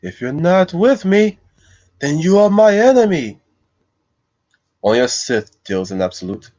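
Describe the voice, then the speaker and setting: A man's voice: on the high side, sing-song, unhurried, a little mellow, highs cut off, voice pushed up. Obi-Wan, a formal space knight, as a man puts him on. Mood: earnest. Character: calm noble male space knight.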